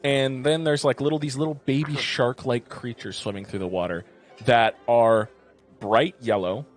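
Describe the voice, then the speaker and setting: A man in the game master's seat, describing the world in a mid-range, unhurried voice. He leans on fillers as he thinks, casual and descriptive. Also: mid-range voice, faint music behind. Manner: relaxed, descriptive, with filler words. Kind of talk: narrating a tabletop game.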